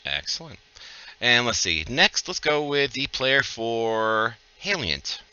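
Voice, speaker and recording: Male game master, lively, joking, sharp bright tone, dull lo-fi call audio. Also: medium pitch, takes it slowly, smooth, dry recording. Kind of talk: narrating a tabletop game.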